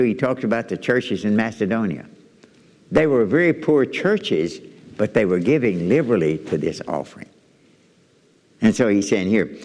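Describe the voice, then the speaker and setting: A male preacher with a somewhat low voice delivers an animated sermon, stammering into restarts and repeating his phrases. His voice rings out through a church hall with a long reverb trailing each line.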